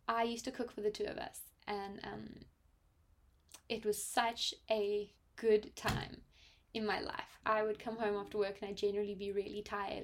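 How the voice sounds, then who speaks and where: A young South African woman in her twenties speaks in a personal vlog. She talks reflectively, pausing often and filling gaps with fillers, and her mid-pitched voice carries a noticeable vocal fry. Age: 20s. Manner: reflective, with frequent pauses and fillers. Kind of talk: personal testimony.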